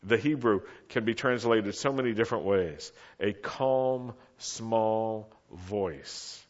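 Slow, measured male preacher. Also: fairly low pitch, muffled recording. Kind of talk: sermon.

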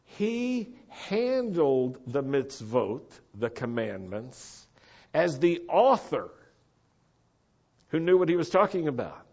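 A man's voice: on the high side, big pitch swings, darkish tone, husky, muffled recording. Earnest American man preaching. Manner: earnest, emphatic, slows down to stress key words. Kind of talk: sermon.

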